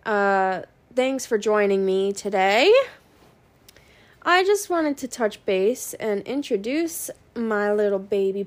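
A young woman hosting her own podcast in a casual, rambling way, frank and swearing, with many ums and pauses. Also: on the high side. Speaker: podcast host.

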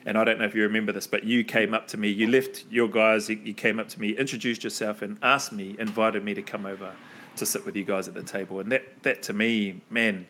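A man's voice: fairly low pitch, a bit bright. A man hosting a podcast, reminiscing earnestly in casual conversation and laughing often. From New Zealand. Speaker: podcast host.

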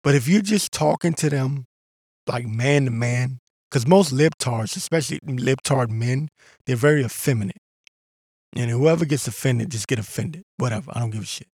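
A man's voice: medium pitch, normal speed, darkish tone, husky, no room sound, studio quality. A man hosting a podcast, talking in a ranting, combative way and mocking others in put-on voices. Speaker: podcast host. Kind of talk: casual monologue.

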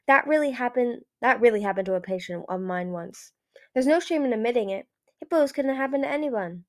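A woman's voice: fairly high pitch, lively intonation, brisk. Woman voicing a chatty, doubtful dragon doctor. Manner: chatty, skeptical.

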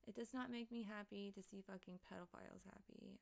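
A woman's voice: mid-range voice, steady tone, brisk, vocal fry, few pauses. A young woman livestreaming, chatting casually and rambling with lots of swearing and laughing asides as she reads the chat.

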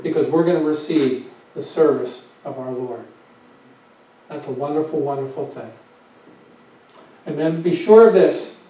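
A male pastor preaches with emphasis, posing rhetorical questions and repeating his phrases. His mellow voice is fairly high, delivered at a measured pace with long pauses. A distant mic makes the sound echoey and dull.

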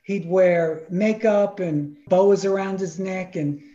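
A man from Brooklyn, a podcast guest telling animated personal stories in an emphatic, exclamatory way. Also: high voice, slow. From Brooklyn, New York. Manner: emphatic, exclamatory, spells out names. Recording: roomy, dull sound.

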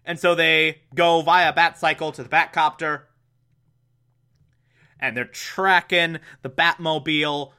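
A man's voice: a little high, fairly even intonation, slow, pushed and bright, smooth. A man giving a sarcastic, rambling comedic movie recap, laughing at his own jokes.

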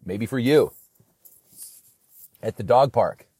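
A man's voice: mid-range voice, slow pace, mellow, breathy edge, dry recording. A man talking in a rambling, slangy casual monologue in a studio, saying bro a lot.

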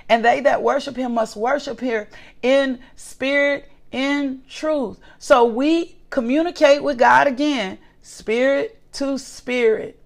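Gravelly emphatic woman preacher. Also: high voice. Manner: emphatic, repeats key phrases, asks "right?" often. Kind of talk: sermon.

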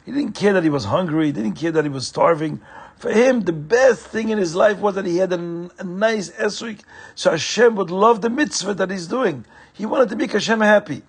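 A male storyteller with a very husky, raspy voice and gravelly texture, pitched fairly high for a man. He narrates a children's tale in an animated way and speaks to the young listeners directly. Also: fairly quick.

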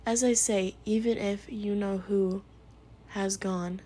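A woman reading in a soft whisper, voicing a severe older witch who talks impatiently and irritably, in whispered role-play. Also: mid-range voice, fairly even intonation, takes it slowly. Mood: stern.

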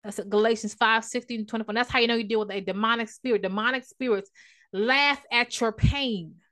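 Woman preaching with swings to a hush. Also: on the high side, fairly even intonation, fairly quick. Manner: emphatic preaching, drops soft for storytelling. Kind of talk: sermon.

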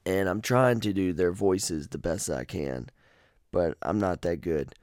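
A man with a very deep voice rambles through a casual podcast chat, swearing freely and joking around. The sound is dry and close, with no room in it. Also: a little slow, a little mellow, dry recording. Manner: rambling, profane and jokey. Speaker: podcast host. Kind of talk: casual chat about a horror game.

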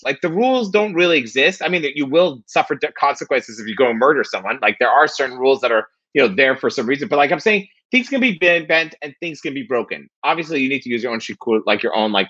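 A husky, bright-voiced man in his thirties chats as a podcast guest, talking fast with lively swings in pitch. He keeps tagging "right?" onto his points, and the audio sounds a bit dull and lo-fi. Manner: animated, fast, repeats "right?". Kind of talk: casual chat.

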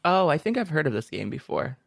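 A man's voice: on the high side, very animated, fast talker, gravelly, no echo, clean studio sound. A young man hosting a casual gaming podcast, joking around and trying out sound effects on his streaming mic. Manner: jokey, playful, tries out sound effects. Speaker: podcast host. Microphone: streaming mic with compressor and EQ.

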